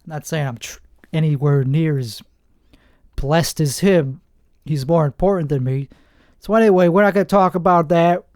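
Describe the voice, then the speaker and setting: A man in his forties from New Jersey, hosting a rambling comedic monologue with deadpan, self-mocking asides. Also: on the high side, moderate pace, no room sound, studio quality. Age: 40s. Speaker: comedian host.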